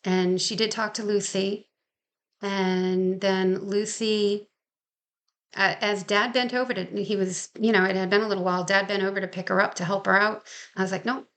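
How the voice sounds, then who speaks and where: A woman's voice: medium pitch, flat delivery, moderate pace, fairly bright tone. A woman dog trainer telling a story in a casual, chatty way, laughing now and then. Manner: chatty, laughs often, acts out quotes. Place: Maine.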